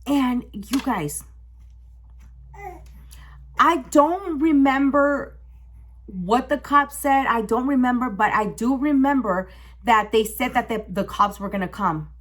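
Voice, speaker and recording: Animated young woman vlogger. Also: on the high side, slow, pauses often. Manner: emotional, swearing, animated retelling. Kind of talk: casual storytime.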